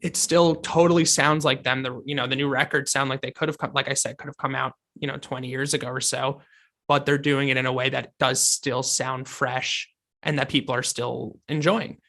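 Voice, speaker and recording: A man's voice: mid-range voice, level tone, moderate pace, vocal fry, pushed and bright. A man co-hosting a music podcast, speaking thoughtfully and hedging his points. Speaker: podcast co-host. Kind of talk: casual podcast chat.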